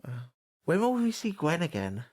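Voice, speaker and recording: A man's voice: fairly high pitch, wildly swooping pitch, normal speed, darkish tone. A man co-hosting a podcast in casual chat, laughing often and giving his opinions freely. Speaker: podcast co-host.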